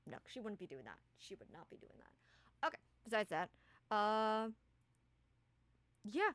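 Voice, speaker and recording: A woman's voice: mid-range voice, big pitch swings, a little slow, a bit bright, no echo. A woman narrating as game master of a tabletop game, casual and full of fillers.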